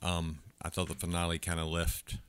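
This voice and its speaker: Low-voiced hesitant man on a podcast. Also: completely flat delivery, normal speed, clean tone. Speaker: podcast co-host. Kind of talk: casual chat.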